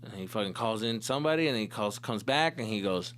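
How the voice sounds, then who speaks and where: A male comedian hosting a podcast, telling a story in an animated, profane way and mixing in Spanish slang. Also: on the low side, quick pace.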